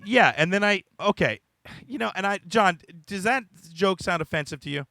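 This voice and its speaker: A man hosting a comedy podcast as a stand-up comic, excitable and talking over the others in lively banter. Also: high voice, moderate pace, vocal fry.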